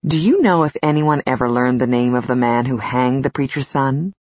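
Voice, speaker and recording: A woman's voice: a bass voice, normal speed, darkish tone, no room sound. A woman narrator voicing a confident man who explains a theory to friends. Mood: assured. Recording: slightly dull, dry studio recording.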